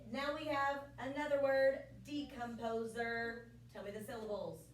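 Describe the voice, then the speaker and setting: Lively teacher woman, echoey classroom. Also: high-pitched, a little fast. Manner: lively, playful, asks frequent check questions. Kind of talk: classroom science lesson. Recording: echoey classroom from far off, faint room noise.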